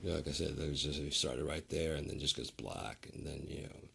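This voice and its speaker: A man with an extremely low voice full of gravelly fry talks in a loose, rambling way. He drawls and swears freely. His sentences wander off and restart. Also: a little fast, a bit bright, a little hiss or hum. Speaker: streamer. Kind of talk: rambling casual monologue.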